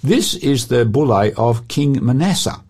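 A man, presenting a talk show and telling Bible stories with lively quoted voices. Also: mid-range voice, measured pace, husky. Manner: animated storyteller acting out quotes.

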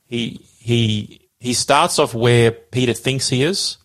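A man's voice: mid-range voice, slow, fairly bright tone. A man casually explaining a Bible passage, animatedly acting out the quoted dialogue.

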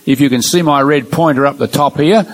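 A man's voice: a little high, poor audio. Earnest man teaching a Bible lecture. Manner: measured, explains point by point with numbered points.

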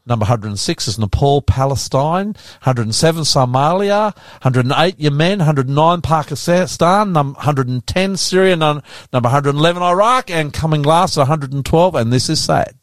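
A man's voice: a little high, no echo. Dry-humored Australian man co-hosting. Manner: dry teasing, reads lists out quickly. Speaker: co-host. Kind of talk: casual chat.

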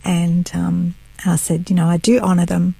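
A middle-aged woman sharing her faith testimony as a guest. She tells it earnestly, with a gravelly edge to her voice, recorded close and dry. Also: lowish voice, monotone, moderate pace, warm tone, no echo, poor audio. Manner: earnest storytelling, acts out quotes. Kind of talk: personal testimony.

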